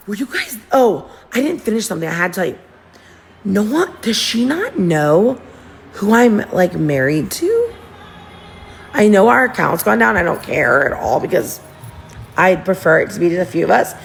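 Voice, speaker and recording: Woman livestream host, gossipy and giggly, rambling chat into a phone, slight vocal fry. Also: medium pitch, big pitch swings, measured pace. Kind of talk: casual livestream chat to viewers.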